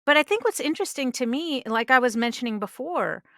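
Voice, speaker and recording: A woman's voice: sits high, expressive, a little fast, fairly bright tone, dry recording, studio quality. A middle-aged woman, a voice actress guest on a podcast, speaking earnestly and giving emphatic advice in conversation. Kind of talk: conversational interview. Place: podcast studio.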